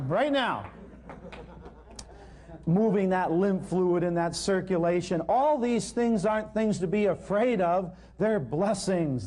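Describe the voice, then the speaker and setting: A man speaking to a live audience in a slightly high but mellow voice. He tells wry, self-deprecating anecdotes in a relaxed storytelling way. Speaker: natural healing lecturer. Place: live talk in front of an audience.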